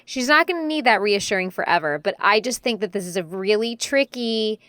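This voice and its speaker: A woman with a smooth, clear voice gives earnest advice on a podcast. The recording is dry and close, with no room sound. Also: mid-range voice, animated, a little fast, fairly bright tone, no echo. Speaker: podcast co-host. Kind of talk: casual chat.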